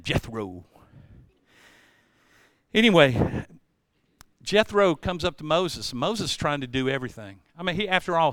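A male pastor preaching a sermon, telling stories with humor and swinging from loud bursts to hushed passages. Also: mid-range voice, no room sound. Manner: energetic storytelling, jumps between loud and hushed; playful asides and self-deprecating humor.

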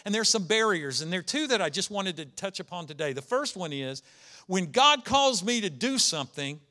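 A man delivers a sermon, retelling Bible stories in an animated way and punctuating them with rhetorical questions. His voice sits high and sounds bright and forward. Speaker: pastor.

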